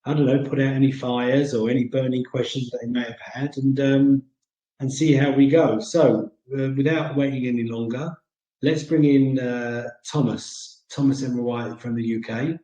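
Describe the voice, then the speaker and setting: A man's voice: mid-range voice, steady tone, normal speed, dark tone, echoey room, dull audio. A man with a British accent hosting a casual chat segment, rambling with many ums and uhs. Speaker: segment host.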